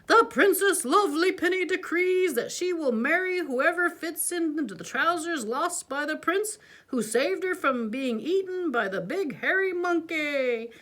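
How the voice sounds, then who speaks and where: A woman voicing a formal royal announcer reading a decree slowly in a storybook read-aloud. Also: very high voice, lively intonation, fairly bright tone, pitched above the performer's own voice, heavily acted. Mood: proclaiming. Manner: slow, proclaiming.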